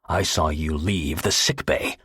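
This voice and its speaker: A man's voice: rumbling low, unhurried, a bit bright, breathy edge, dry recording, clean studio sound, heavily acted. A male audiobook narrator voicing a cold, vicious young gunman who talks with venom. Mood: menacing. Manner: menacing, venomous. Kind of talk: audiobook character voice.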